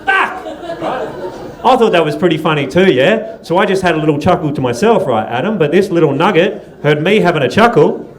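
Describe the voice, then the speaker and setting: A man's voice: on the high side, animated, quick pace. An Australian man hosting a stand-up comedy night, loose and profane, teasing the audience and laughing between lines. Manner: loose, swearing, teasing the crowd, laughing often. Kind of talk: stand-up crowd work. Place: comedy club stage.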